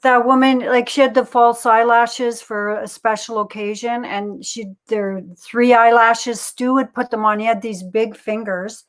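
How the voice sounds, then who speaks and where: Older woman telling animated stories. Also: fairly high pitch, measured pace, few pauses. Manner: lively, animated storyteller who acts out voices. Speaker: guest. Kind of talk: casual storytelling.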